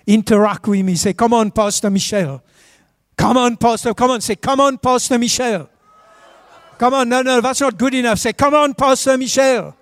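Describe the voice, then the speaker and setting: A man's voice: very high-pitched, no echo, studio quality. A man preaching a sermon as a pastor in a church, urging the congregation to answer back. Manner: urges the congregation to respond.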